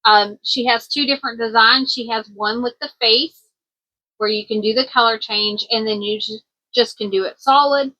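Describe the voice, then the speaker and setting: A woman's voice: fairly high pitch, steady tone, normal speed, bright, forceful tone, highs cut off. A woman from Kentucky with a country twang, chatting casually in a craft vlog as a small business owner, rambling a little with plenty of ums. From Kentucky, USA. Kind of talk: casual show-and-tell vlog.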